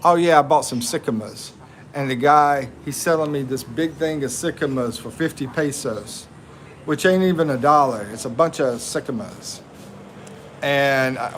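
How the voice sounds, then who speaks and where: An American man hosts a relaxed livestream, reading viewer comments aloud and laughing often. His talk is slow and drawn out, a little higher than most men. Steady background noise and passing vehicles sit behind him. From United States. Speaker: livestream host. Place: living in the Philippines.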